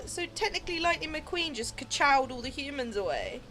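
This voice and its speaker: Streaming a game over soft background music, a woman chats with viewers in a high, very animated, slightly bright voice that moves a little slowly, with long pauses. She's giggly and chatty, using plenty of fillers like "um" and "like."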